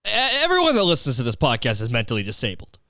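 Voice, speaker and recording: A man's voice: mid-range voice, huge pitch swings, fast talker, pushed and bright, no echo, clean studio sound. A young man from Canada hosting a comedy podcast, talking in a profane, rambling, slang-heavy rant. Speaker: podcast host.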